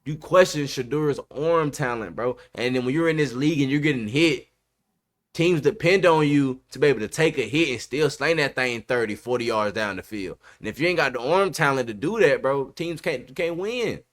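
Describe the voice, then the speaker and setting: A man's voice: medium pitch, expressive, normal speed. Emphatic man talking sports on a podcast. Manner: emphatic, repeats himself, says bro a lot. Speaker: podcast host. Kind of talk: casual sports chat.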